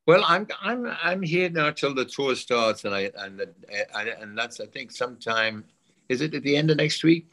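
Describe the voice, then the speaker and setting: An older man chatting as a guest in an interview, halting and repeating himself, often adding "you know". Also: medium pitch, lively intonation, bright, forceful tone. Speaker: guest singer. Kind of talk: casual interview chat.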